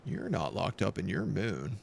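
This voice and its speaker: A man's voice: sits low, big pitch swings, unhurried, creaky, darkish tone, a little hiss or hum. A man streaming a game live, thinking aloud and muttering over his choices. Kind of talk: live gameplay commentary.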